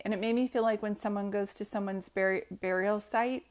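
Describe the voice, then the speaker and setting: A woman doing a live reading as a psychic medium, talking in a gentle, reassuring way with frequent pauses and fillers. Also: medium pitch, steady tone.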